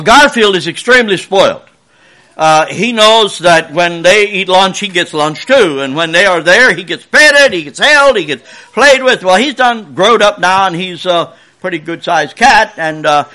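A man's voice: sits high, expressive, a little slow, pushed and bright. A man closing a church service by telling the children a chatty, folksy story and asking the congregation questions.

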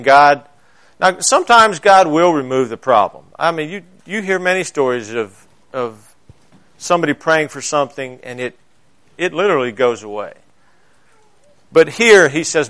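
Male preacher delivering a sermon. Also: mid-range voice. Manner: storytelling preacher, swings between loud emphasis and quiet asides. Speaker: pastor.

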